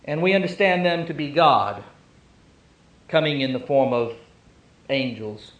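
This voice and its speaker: A man's voice: a little high, lively intonation, unhurried, reverberant, lo-fi sound. A male pastor preaching a sermon, telling the story with emphasis and joking asides to the congregation.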